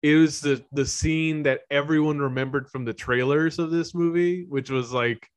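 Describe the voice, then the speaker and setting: A man's voice: fairly high pitch, steady tone, moderate pace. A man co-hosting a casual movie review chat, rambling with lots of "like" and easy laughter. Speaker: podcast co-host.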